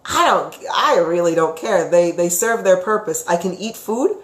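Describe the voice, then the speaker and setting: A woman's voice: fairly low pitch, moderate pace. Chatty woman in an echoey room. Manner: chatty and expressive, keeps asking "right?". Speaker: psychic teacher. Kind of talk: live-stream chat reading viewer comments. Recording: roomy echo.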